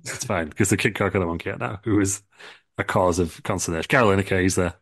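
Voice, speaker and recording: A man's voice: sits low, fast talker, a bit bright, slightly rough, no echo. A man co-hosting a comedy podcast, telling a rambling made-up story with lots of ums, restarts and giggles. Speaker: podcast co-host.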